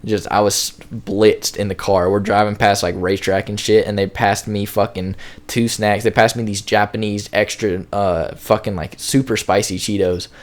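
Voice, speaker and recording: A man's voice: fairly low pitch, little pitch movement, normal speed. A young man casually telling a long, rambling storytime, full of slang and filler words. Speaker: storytime YouTuber.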